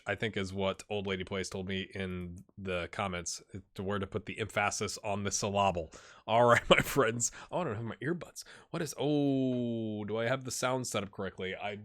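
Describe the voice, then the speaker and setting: Bright-voiced chatty man gaming. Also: on the low side. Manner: chatty, rambling, addresses viewers as "my friends". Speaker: gaming YouTuber. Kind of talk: casual let's-play commentary.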